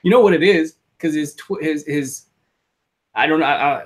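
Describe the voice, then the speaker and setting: A man's voice: fairly high pitch, normal speed. A man co-hosting a live podcast in casual chat, joking, rambling and poking fun at himself. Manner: joking, rambling, self-deprecating. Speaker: podcast co-host.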